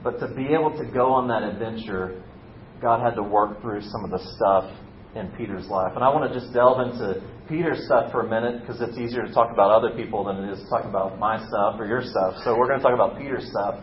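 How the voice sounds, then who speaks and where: A man preaching a casual, conversational sermon, telling a story and lightly acting out the quotes. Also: fairly quick. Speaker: pastor. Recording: roomy, slightly dull recording with faint rumble.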